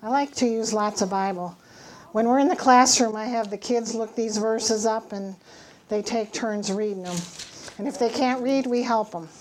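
A middle-aged woman speaks in an earnest, emphatic church testimony style, her voice sitting a little high. She teaches from scripture and tells her story with conviction, acting out the dialogue. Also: moderate pace, darkish tone. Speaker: Bible teacher giving a testimony.

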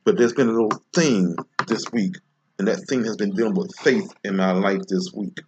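A man delivering an informal devotional sermon, slow and emphatic, repeating phrases with long pauses. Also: on the low side, dull audio, background noise. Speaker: preacher.

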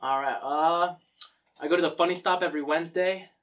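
A man's voice: a little high, steady tone, a little fast, a bit bright, recorded from a distance. A young man, a comedian guest from Cincinnati, talking in a laid-back, joking way with plenty of swearing. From Cincinnati, Ohio. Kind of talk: casual chat.

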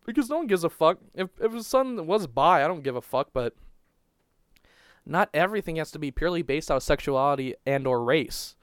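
On a casual podcast, a young man with a clean, smooth, slightly high voice rambles crudely and profanely, animated and fairly quick as he hurries through stories and stumbles over restarts. The recording is close and dry, with no echo or room sound.

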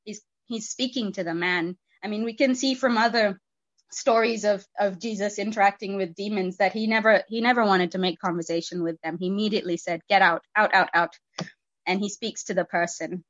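A woman preaching, retelling a scripture story with lively, expressive emphasis and frequent fillers. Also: mid-range voice, brisk, highs cut off. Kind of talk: sermon storytelling.

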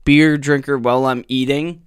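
A man's voice: mid-range voice, fairly even intonation, normal speed, smooth, no room sound, clean studio sound. A young man chatting casually as a podcast co-host, rambling and swearing, restarting his sentences. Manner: rambling, profane, restarts often. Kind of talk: casual chat.

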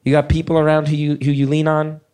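A man's voice: fairly high pitch, completely flat delivery, fast talker, a little mellow, smooth. A man hosting a call-in show on stage in front of an audience, talking in an earnest, caring and jokey way. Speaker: host. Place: stage before a live audience.

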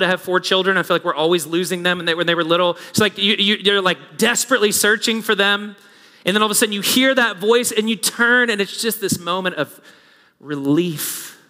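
Bright-voiced pastor preaching in a reverberant hall. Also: male voice, high voice, a little fast. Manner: swings from hushed reflective passages to rising, urgent exhortation. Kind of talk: sermon. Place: church sanctuary. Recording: long reverb of a large hall.

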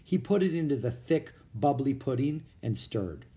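Expressive male storybook narrator. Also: medium pitch, normal speed. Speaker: audiobook narrator. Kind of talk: children's book read-aloud.

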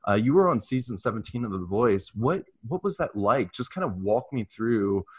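A man's voice: lowish voice, expressive, moderate pace, breathy edge. A man hosting a casual interview, chatty and effusive, asking long rambling questions. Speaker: podcast host.

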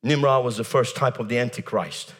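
A man preaching a fiery sermon, shouting, breaking into tongues and mocking laughter. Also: medium pitch, fairly quick. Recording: long hall reverb.

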